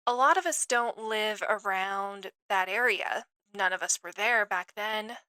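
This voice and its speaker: Bright, chatty woman podcast host. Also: on the high side, no echo, poor audio. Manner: self-deprecating, enthusiastic storytelling.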